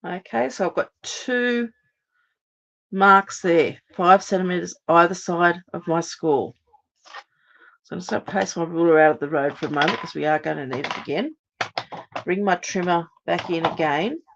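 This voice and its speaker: A hoarse, lower-pitched middle-aged woman talks viewers through a craft project step by step, chatty and full of ums. The audio sounds dull and muffled, like a home live stream. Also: moderate pace, noisy background. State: hoarse, recovering voice. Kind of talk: live card-making demonstration.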